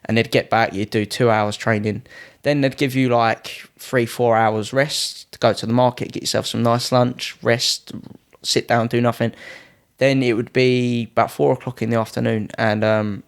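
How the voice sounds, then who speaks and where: Lively young man telling stories. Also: mid-range voice, moderate pace, gravelly, clear, resonant tone. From United Kingdom. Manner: lively, acts out quoted people in a raised voice. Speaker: podcast guest, Muay Thai fighter. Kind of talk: casual anecdotal storytelling.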